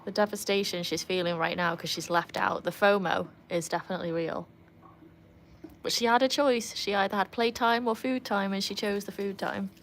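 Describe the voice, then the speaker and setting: A woman's voice: fairly even intonation, normal speed. Give me a chatty woman on a phone livestream outdoors, with faint background noise and a dog nearby. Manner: chatty, switches to high sing-song praise for her dog. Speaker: livestream host and dog owner. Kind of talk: casual live chat. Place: outdoors by a backyard pool.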